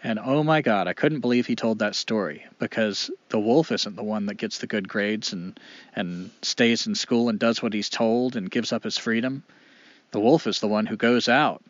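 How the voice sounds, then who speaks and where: A man telling a folk tale in an animated, expressive way with dramatic pauses. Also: on the low side, no room sound, lo-fi sound. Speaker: storyteller. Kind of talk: oral storytelling.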